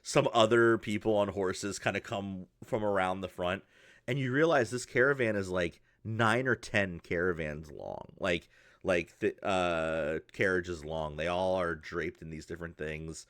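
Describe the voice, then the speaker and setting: A man narrating as game master, with a fairly low voice. His descriptions ramble loosely, with lots of "like" and restarts. The sound is dry and close to the mic. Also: measured pace, fairly bright tone, no room sound. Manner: rambling, many fillers and restarts.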